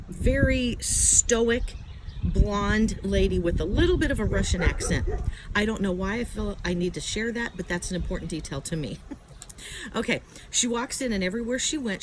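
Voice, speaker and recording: A woman's voice: mid-range voice, a little hiss or hum, low-quality recording. A woman telling a chatty, self-mocking story to camera, filmed outdoors on a handheld phone. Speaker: vlogger. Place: outdoors at home, letting dogs out. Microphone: handheld phone, no tripod.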